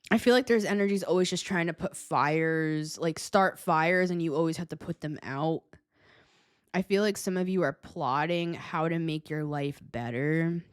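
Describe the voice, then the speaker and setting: A woman's voice: sits low, moderate pace, clean tone, dry recording, studio quality. A woman giving a casual tarot reading, chatty and blunt, swearing freely and laughing often. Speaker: tarot reader.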